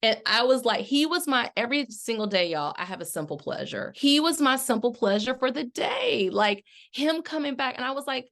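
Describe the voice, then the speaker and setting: A woman's voice: high-pitched, animated, fairly quick, hardly any pauses, fairly bright tone. A middle-aged woman life coach hosting a podcast, talking in a chatty, casual way and calling her listeners y'all.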